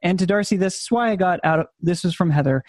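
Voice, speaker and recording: A man hosting a podcast, friendly and relaxed, with fillers as he wraps up. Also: sits high, fast talker, dry recording, studio quality. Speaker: podcast host. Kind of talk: casual podcast wrap-up.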